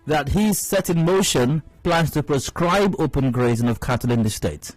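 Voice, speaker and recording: A man's voice: on the high side, animated, normal speed, no room sound, faint music behind, low-quality recording. A Nigerian man hosting a radio show, giving indignant, emphatic commentary and repeating phrases for stress. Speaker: radio host. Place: radio studio. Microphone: studio mic.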